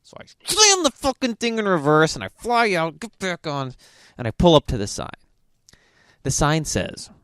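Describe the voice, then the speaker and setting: Man, podcast host, swearing exasperated rant, animated, dry close sound. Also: on the high side, normal speed, no echo. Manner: profane, exasperated ranting. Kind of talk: casual storytelling monologue.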